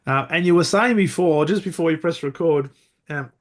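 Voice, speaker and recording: A man's voice: fairly high pitch, moderate pace. A middle-aged Australian man hosting a podcast interview, friendly and chatty, calling people "mate" and laughing easily. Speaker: podcast host.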